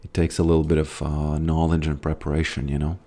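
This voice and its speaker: A man's voice: rumbling low, monotone, brisk, warm tone. A man with an American accent casually commenting on his gameplay as a streamer, reading chat questions aloud and rambling with loose, trailing thoughts.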